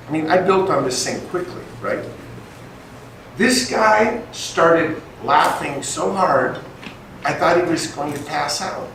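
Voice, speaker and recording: An older man giving a storytelling talk to a group, animated and acting out the dialogue in his anecdotes. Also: on the high side, slow pace, gravelly. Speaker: guest speaker. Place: meeting room with an audience. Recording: echoey room, distant mic, faint noise.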